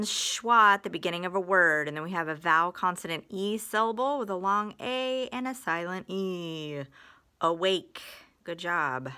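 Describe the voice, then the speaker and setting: A woman's voice: mid-range voice, pushed and bright, smooth. A woman teaching phonics in a recorded lesson, patient, stretching out example words and sentences.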